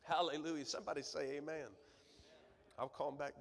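Fervent preacher in a church hall. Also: male voice, a little high, moderate pace. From Michigan, USA. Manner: fervent preaching that swings from loud exhortation to quiet storytelling. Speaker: guest preacher. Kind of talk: sermon. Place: church sanctuary.

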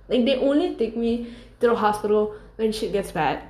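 A woman's voice: a little high, expressive, moderate pace, darkish tone. Young woman rambling through a storytime vlog, lots of "like", echoey room. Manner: rambling, candid, full of fillers and laughs. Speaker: vlogger. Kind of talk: casual storytime monologue. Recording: roomy echo.

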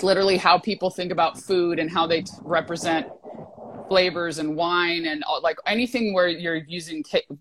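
A woman wine writer telling her story in a casual interview over a video call, animated, with many restarts. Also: on the low side, low-quality recording. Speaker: wine writer and illustrator, guest.

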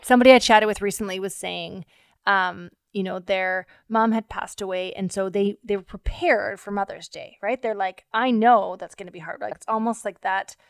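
A woman's voice: mid-range voice, fairly even intonation, normal speed, creaky, clear, resonant tone, dry recording, studio quality. A woman in her thirties hosting a conversation, chatty and encouraging. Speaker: host. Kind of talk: conversational interview.

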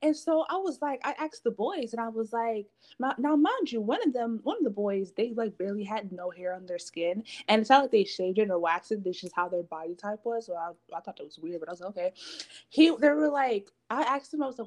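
Animated teenage girl telling stories. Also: a little high, fairly quick. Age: teens. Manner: animated storytelling, acts out quotes. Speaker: podcast co-host. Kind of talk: casual chat.

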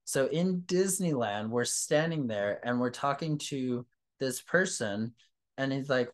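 A man who teaches and hosts a podcast, talking casually with a guest. He tells stories with lively energy and a pitch in the middle range for a man. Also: measured pace. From New Mexico.

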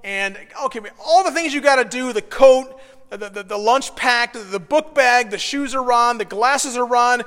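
Male pastor, 30s, high-pitched and bright, lively self-deprecating storyteller, long hall reverb. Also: moderate pace. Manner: animated, self-deprecating storyteller who builds to shouts. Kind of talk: sermon with personal storytelling.

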